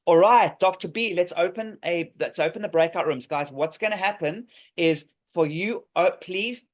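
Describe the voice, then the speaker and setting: Excited guy demoing an app on a video call, kinda high voice, dull lo-fi call sound. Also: normal speed. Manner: enthusiastic, pitchy, many fillers. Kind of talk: live demo on a video call. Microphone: video call microphone.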